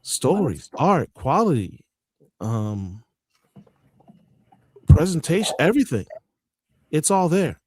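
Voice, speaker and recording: A man's voice: a little high, big pitch swings, slow, long pauses, a little mellow, breathy edge, no echo. A male podcast co-host in casual chat, speaking earnestly and building with feeling.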